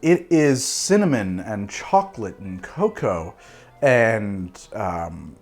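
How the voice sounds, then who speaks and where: Animated man hosting a cocktail show. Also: on the low side, takes it slowly, faint music behind. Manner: animated, self-deprecating, rambling with restarts. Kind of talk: casual tasting commentary.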